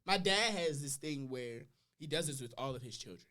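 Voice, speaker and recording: A young adult man, a podcast guest, telling personal stories in casual slang, his voice swinging between loud and quiet. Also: medium pitch, animated, normal speed.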